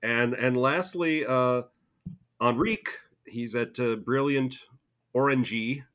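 A man co-hosting a podcast, reading listener comments aloud and teasing in a dry, deadpan way. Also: mid-range voice, takes it slowly, lo-fi sound. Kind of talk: casual chat.

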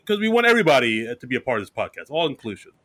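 A man's voice: medium pitch, big pitch swings, rapid-fire, fairly bright tone. A man with a New Jersey accent co-hosting a comedy podcast, upbeat and jokey. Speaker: podcast co-host. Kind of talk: casual chat.

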